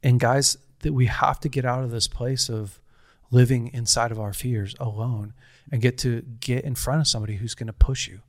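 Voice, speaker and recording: A man's voice: medium pitch, fairly even intonation, moderate pace, no echo, clean studio sound. A man in his thirties telling a personal story in casual conversation, earnest and rambling, with frequent restarts.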